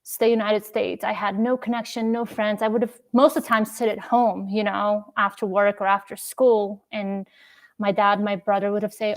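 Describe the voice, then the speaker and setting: Young woman, podcast guest, emotional storyteller, voices family quotes, mid pitch. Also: level tone, moderate pace. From Uzbekistan. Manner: emotional, acts out family dialogue. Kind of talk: casual interview storytelling.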